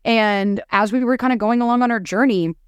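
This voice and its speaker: A woman's voice: fairly high pitch, a little fast, clear, resonant tone, no echo, lo-fi sound. A young woman on a podcast, a dating coach telling her own story in candid, casual talk that is peppered with swearing.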